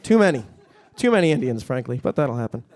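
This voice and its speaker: A young man performing a stand-up comedy set on stage, talking in a deadpan way and breaking into high-pitched panicky voices for punchlines. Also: fast talker, some chatter behind. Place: comedy stage at a live-streamed event.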